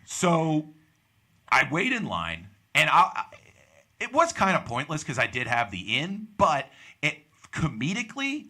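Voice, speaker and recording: A man's voice: on the high side, huge pitch swings, measured pace, sharp tone. A young man from Pittsburgh, hosting a podcast and telling a story in casual chat, acting out the people he quotes. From Pittsburgh, USA. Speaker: podcast host.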